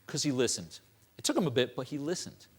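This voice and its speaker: A man's voice: mid-range voice, sing-song, a little fast, breathy edge. A man giving a sermon as a church elder, telling stories conversationally and tossing in rhetorical questions.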